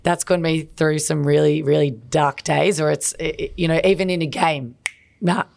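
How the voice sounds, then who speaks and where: A woman's voice: sits low, fairly even intonation, moderate pace, creaky, a little mellow, slight background noise. A woman co-hosting a podcast, a basketball player speaking candidly and emotionally about her family in casual chat. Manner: candid, emotional, personal storytelling. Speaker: podcast co-host.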